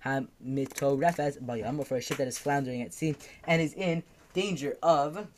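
A man's voice: on the high side, normal speed, a little mellow, slight background noise. A man teaching a daf yomi Talmud class, reading each Aramaic phrase and then translating it, with fillers and self-corrections.

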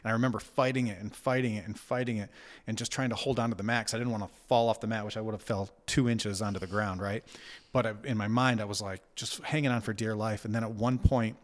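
A low-pitched man in his thirties recounts a deeply personal experience in relaxed conversation. He speaks haltingly, circling back with fillers and restarts as he searches for words. His tone is reflective and unhurried. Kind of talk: casual conversation.

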